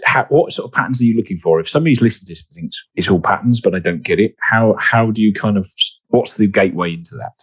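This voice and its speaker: A man's voice: fairly low pitch, fast, hardly any pauses, slightly rough, no room sound. A man hosting a podcast interview, asking questions in a friendly way and often laughing. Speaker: podcast host. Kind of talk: casual interview.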